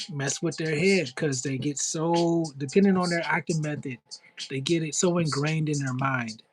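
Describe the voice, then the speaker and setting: A man's voice: a little high, a little hiss or hum, poor audio. A middle-aged man, a content creator and actor, talking casually on a livestream in an upbeat, chatty way, full of "like" and "you know". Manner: answers live chat comments.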